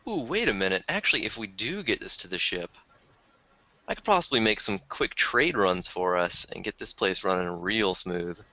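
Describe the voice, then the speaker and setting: A player voicing his smooth-talking male adventurer in a breezy, wheedling way. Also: on the low side, animated, normal speed, bright, forceful tone, dry recording. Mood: scheming. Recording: slightly dull lo-fi recording.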